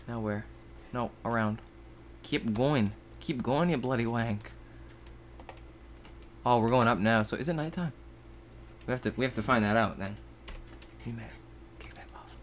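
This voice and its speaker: A young man hosting a game video, giving goofy, jokey commentary that keeps jumping into silly high exclamations. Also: unhurried, pauses often, a bit bright, slight background noise. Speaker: gaming channel host. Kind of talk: let's play game commentary.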